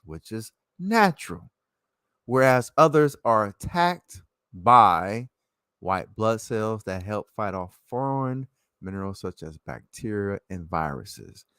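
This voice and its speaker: A man in a rambling casual monologue, swinging between loud and soft. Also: on the low side, no room sound, studio quality.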